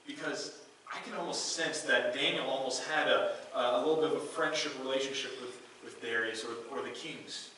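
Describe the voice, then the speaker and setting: A man's voice: medium pitch, moderate pace, sharp tone, a little hiss or hum. A man preaching a sermon in a conversational way, often restarting his sentences. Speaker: pastor. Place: church sanctuary. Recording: echoey room, voice from a distance.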